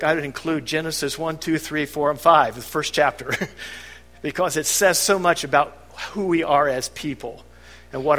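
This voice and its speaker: Mężczyzna wygłasza kazanie swobodnym, gawędziarskim tonem, wtrącając żartobliwe uwagi. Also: male voice, medium pitch, fairly bright tone. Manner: conversational, chuckling asides. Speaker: preacher. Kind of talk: sermon. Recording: long hall reverb.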